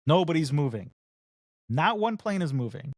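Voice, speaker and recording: This podcast co-host has a fairly high-pitched voice and speaks at a moderate pace, recorded with studio quality and no echo. Chatting casually, he tells a lengthy tale and lively performs the voices of everyone else involved.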